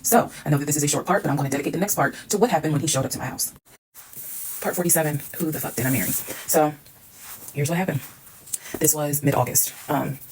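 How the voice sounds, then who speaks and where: A woman's voice: low voice, darkish tone, slight background noise, low-quality recording. A woman telling a personal story in a casual storytime monologue, candid and emphatic, swearing freely.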